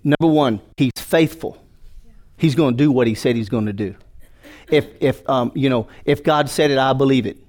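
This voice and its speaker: A man's voice: medium pitch, normal speed, darkish tone. A male pastor preaching a sermon, joking with the congregation and calling for responses.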